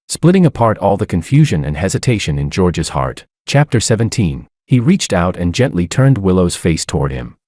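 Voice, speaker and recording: A man's voice: low voice, darkish tone, no echo, clean studio sound. A man reading a romance story aloud, voicing every character's lines in his own voice. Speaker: narrator. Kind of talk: scripted romance narration.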